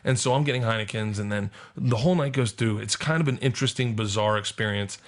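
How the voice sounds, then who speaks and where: A male comedian telling an animated, profane anecdote as a podcast guest, laughing and acting out quotes. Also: fairly low pitch, fast.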